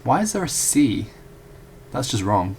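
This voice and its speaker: A young adult student tutor casually works through a whiteboard math proof, chatty and self-correcting, with apologetic asides. His mid-range, slightly mellow voice swings widely in pitch at a measured pace, and there's a little hiss or hum.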